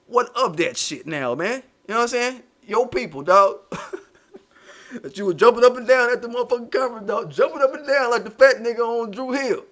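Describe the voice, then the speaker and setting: A man hosting a casual commentary stream, ranting in profane, animated street slang. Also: a little high. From United States. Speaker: channel host.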